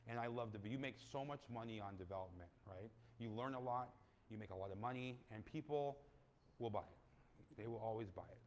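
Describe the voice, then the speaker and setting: A man talking casually in an interview as a real estate investor, animated and storytelling, acting out quoted people and ending many sentences with "right?". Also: fairly low pitch, fairly quick, a little hiss or hum. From California.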